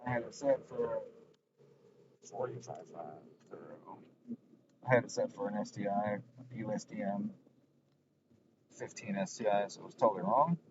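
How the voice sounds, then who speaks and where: Fairly low-pitched and moderately paced, he leaves long gaps as he thinks out loud, wandering and self-correcting while tuning an engine on a dyno stream. The audio is lo-fi, with a noisy background behind the relaxed technical talk.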